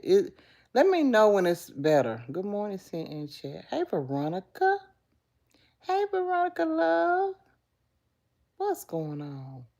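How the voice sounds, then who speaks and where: A woman's voice: lowish voice, gravelly, dark tone. A middle-aged woman hosting a casual live stream, talking straight to viewers and answering chat comments. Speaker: livestream host.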